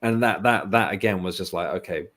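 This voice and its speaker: A man's voice: fairly low pitch, a little fast, fairly bright tone. A man, a guest on an interview, telling his experiences in a reflective, candid way. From England. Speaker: guest medium. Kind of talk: casual interview chat.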